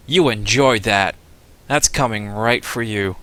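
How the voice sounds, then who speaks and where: A man's voice: on the low side, unhurried, a bit bright. A man live-streaming a flight sim, talking to chat and coaching himself as he plays. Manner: talks to chat, self-coaching, laughs often. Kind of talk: casual live-stream commentary.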